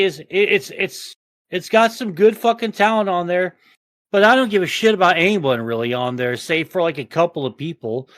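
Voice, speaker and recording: A man hosting a podcast in casual chat, swearing constantly and rambling in an animated way. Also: high voice, no echo, clean studio sound. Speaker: podcast host.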